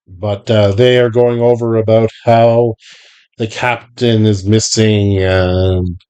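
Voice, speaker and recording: A man narrating as game master for a tabletop game, unhurried, with many fillers. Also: lowish voice, steady tone, mellow, clear, resonant tone.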